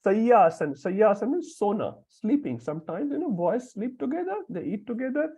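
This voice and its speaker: A man leads a scripture class in a slightly high voice. He explains each verse word by word and acts out the dialogue of the stories he tells. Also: big pitch swings, moderate pace, warm tone, slightly rough, poor audio. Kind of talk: lecture on scripture with storytelling.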